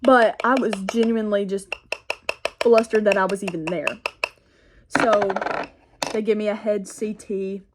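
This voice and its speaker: A teenage girl with a drawl tells a story in a loose, chatty way, filling gaps with "like" and "y'all". She talks at a medium pitch, straight into a phone camera. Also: steady tone, unhurried, pauses often, heavy background noise. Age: teens. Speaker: vlogger. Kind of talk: get-ready-with-me storytime.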